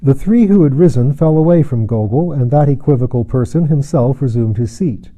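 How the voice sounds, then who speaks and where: A man reading a novel aloud as a narrator, measured and steady, acting out the dialogue. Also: medium pitch, poor audio. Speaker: audiobook narrator. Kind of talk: scripted narration.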